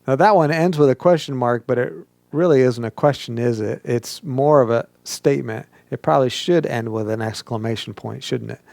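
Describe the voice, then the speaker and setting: A man's voice: mid-range voice, moderate pace, vocal fry, a little mellow, no room sound. A male pastor giving an interactive sermon, coaching listeners to speak aloud and mimicking whiny questions.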